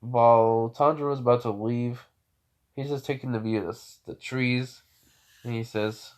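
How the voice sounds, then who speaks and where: A man's voice: medium pitch, steady tone, moderate pace, darkish tone. A young man casually retelling a fan story, rambling with many fillers and restarts.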